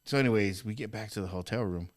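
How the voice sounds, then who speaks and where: A man's voice: on the low side, quick pace. A man co-hosting a podcast, telling a story in casual chat and acting out quotes with lots of swearing. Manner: animated, acts out quotes with swearing. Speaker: podcast co-host.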